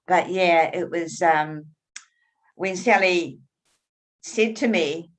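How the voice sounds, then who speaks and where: Woman, lowish pitch, author interview, expressive storyteller, frequent restarts. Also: slow pace. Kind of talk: conversational interview.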